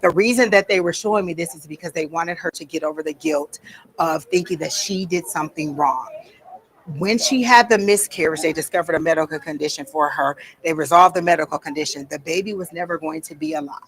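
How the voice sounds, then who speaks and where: A deep-voiced woman briskly teaches a small psychic-reading class, chatting informally, telling stories, and often saying "um." The audio quality is poor.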